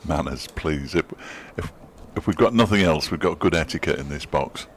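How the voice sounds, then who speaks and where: A middle-aged man co-commentating on cricket in a relaxed, dry, joking way from a commentary box. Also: rumbling low, normal speed, slight background noise. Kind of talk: relaxed sports commentary chat. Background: faint crowd and ground ambience.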